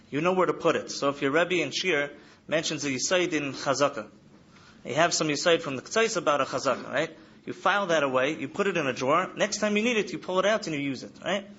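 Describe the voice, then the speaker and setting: A man in his thirties gives an earnest lecture to students, a slightly higher voice and key phrases said again and again. The recording sounds dull and lo-fi, a faint hiss behind him. He seems to be speaking in a study hall. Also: fairly bright tone. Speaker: trauma counselor speaking to yeshiva students. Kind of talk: lecture to an audience.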